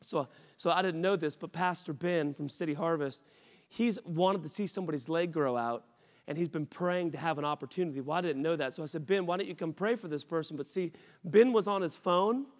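Young male pastor, high-pitched, energetic preacher voice, recorded in a reverberant sanctuary. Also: a little fast. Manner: animated, rising to shouts when excited. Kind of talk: sermon storytelling. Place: church sanctuary. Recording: reverberant church hall.

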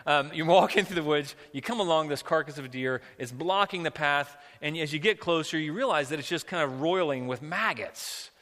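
A man's voice: a little high, a little fast, few pauses, a bit bright, in a large hall. A man preaching a sermon as pastor, earnest and vivid as he tells a story and prays.

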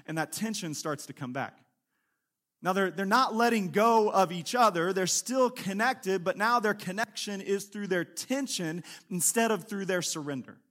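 A male pastor preaching a conversational sermon in a church service, acting out quick quotes and dropping to a hushed tone for prayer. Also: sits high. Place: church sanctuary during a service.

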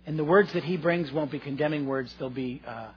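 A man's voice: a little high, a little fast, slightly rough, lo-fi sound. A male pastor preaching a sermon, earnest and conversational, addressing his listeners directly.

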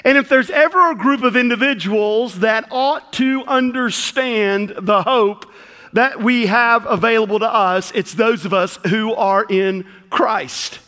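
A man's voice: high-pitched, a little slow, bright, forceful tone, in a large hall. A man with a Southern accent preaching a sermon to his church, folksy and joking as he teaches. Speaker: pastor. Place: church sanctuary.

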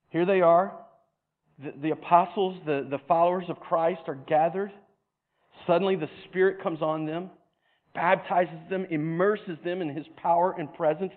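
A man preaching a sermon in an animated way, stumbling over repeated words and acting out other people's voices with humor. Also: a little high. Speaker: pastor. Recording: tinny phone-like sound.

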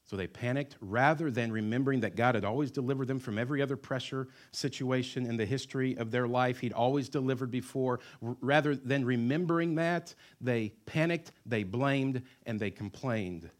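A middle-aged male pastor delivers a sermon at an ordinary, mid-range pitch. He keeps pulling listeners in with rhetorical questions. He lightens the message with playful asides. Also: normal speed, few pauses.

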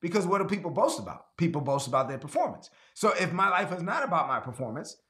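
A man's voice: fairly high pitch, very animated, quick pace, sharp tone. A man preaching an online sermon, repeating key phrases and asking listeners to answer in the chat, sometimes acting out voices he quotes. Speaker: pastor.

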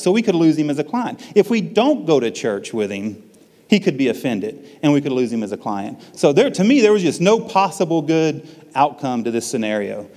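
A man's voice: mid-range voice, a little mellow, big-room sound. A man giving a personal testimony at church, telling a story in a folksy, self-deprecating way.

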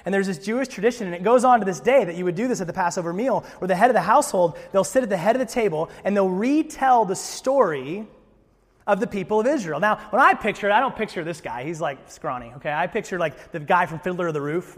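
Male pastor, high voice, casual animated sermon delivery, echoing church hall. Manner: conversational, animated storytelling, frequent "right?" asides.

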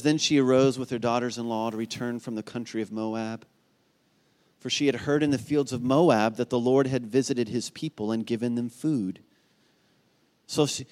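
A man preaching a sermon, telling stories with animated energy and often asking "right?" of his listeners. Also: mid-range voice. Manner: animated storytelling, rising to near shouting at climaxes; asks the congregation "right?" again and again. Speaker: pastor.

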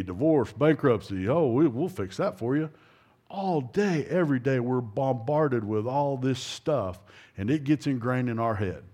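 Middle-aged man, low-pitched, folksy preacher, rambling with restarts. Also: darkish tone. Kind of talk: informal sermon.

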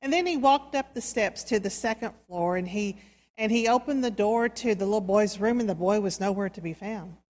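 A woman preacher giving a sermon, telling a story in a slow, soft, dramatic way. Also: mid-range voice. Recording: reverberant hall.

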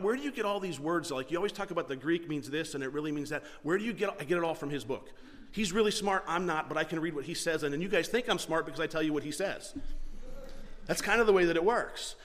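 A man's voice: a little high, fairly bright tone, in a large hall. A man who is a pastor, preaching a conversational sermon, often restarting and repeating words as he explains.

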